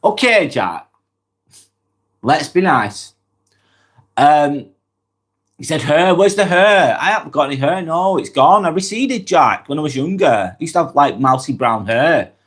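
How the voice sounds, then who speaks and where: His voice sits on the high side, fairly bright, with lively intonation, and he speaks a little slowly with frequent pauses. This Lancashire man from northwest England has a cold while hosting a casual live vlog, chattily reading out viewer comments and replying directly.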